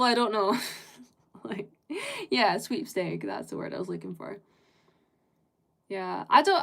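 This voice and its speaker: A woman's voice: on the high side, a bit bright. A British woman live-streaming, chatting casually with viewers in a rambling way and laughing often.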